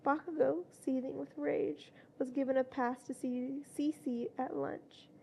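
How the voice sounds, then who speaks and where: A woman reading a fanfiction story aloud in a plain storytelling way, with louder voices for quoted shouts. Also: high-pitched, gravelly, a little hiss or hum, poor audio. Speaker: fanfiction reader.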